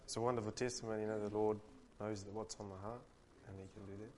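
A man leading a church meeting, quietly offering short affirmations. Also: on the low side, flat delivery, fast, a little hiss or hum.

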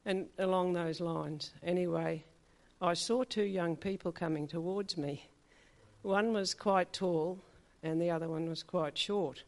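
An older woman shares a recent experience with her church as a spoken testimony, chatty and meandering with plenty of small asides, acting out the voices of the people she met. She speaks at a measured pace in a fairly low, fairly even voice.

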